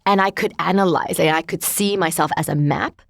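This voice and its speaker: A woman's voice: on the low side, fairly quick, gravelly, dry recording, clean studio sound. A woman in her thirties, a guest in an interview, talking candidly and searchingly about her life with many filler words. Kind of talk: reflective personal conversation.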